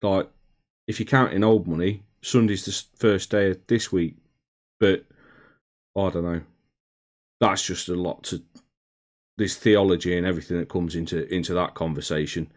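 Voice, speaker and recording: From his home hobby room, a man on a live hobby stream reads chat, greeting viewers by name, calling them mate and swearing now and then. His voice is deep with fairly even intonation, at normal speed with frequent pauses.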